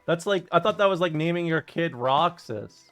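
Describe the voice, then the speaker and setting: A man's voice: fairly high pitch, animated, moderate pace, soft background music. A man streaming a video game, chatting casually and reacting to chat with profane, incredulous jokes. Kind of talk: casual gameplay commentary.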